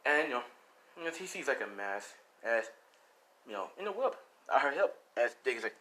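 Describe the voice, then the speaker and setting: A man's voice: medium pitch, big pitch swings, brisk, bright, forceful tone, slight background noise. Rambling young man telling a story. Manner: rambling, heavy on fillers like "you know" and "like". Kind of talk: improvised fan-story narration.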